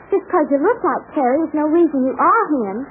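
A sweet young woman, flustered and a little breathless, with a very high voice. It is a 1940s radio serial. The sound is narrow and tinny, with faint hiss. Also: animated, a little fast.

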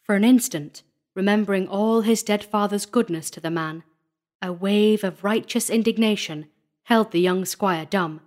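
A woman narrating a gothic horror story as a dramatic audiobook reading, measured and building tension. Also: medium pitch, darkish tone.

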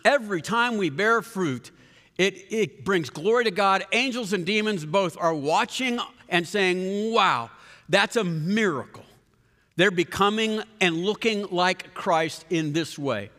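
Guy preaching a sermon, fairly high bright voice, chatty with restarts, long hall echo. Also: measured pace. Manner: conversational preaching with restarts and asides to the congregation. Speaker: pastor.

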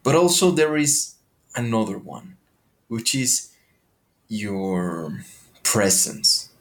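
A man with a low-pitched voice hosts a podcast in an animated, questioning way. His motivational monologue is peppered with casual swearing. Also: slow pace.

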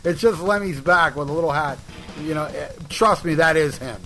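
A man's voice: fairly high pitch, normal speed, fairly bright tone. A man co-hosting a podcast, telling long casual anecdotes with restarts and swearing. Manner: rambling anecdotes with restarts and profanity. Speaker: podcast co-host. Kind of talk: casual chat, storytelling.

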